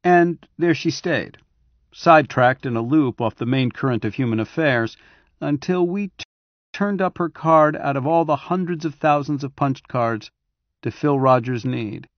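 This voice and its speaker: A man reads a novel aloud in a steady, even way with a middle-pitched voice. The sound is dry and close, with the top end a little dulled. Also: a little slow, no echo. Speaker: audiobook narrator. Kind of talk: scripted narration. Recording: dry, slightly dull audiobook recording.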